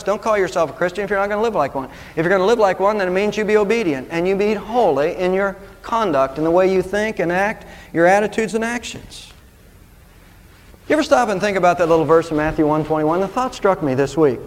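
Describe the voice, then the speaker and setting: A high-pitched male pastor preaching in an earnest, emphatic way, stretching out the words he wants to land. His voice rings with long reverb through a large church hall. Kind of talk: sermon.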